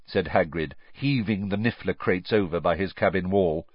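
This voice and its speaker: A man narrating an audiobook in a steady, expressive reading. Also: low voice, normal speed, hardly any pauses, dry recording, highs cut off.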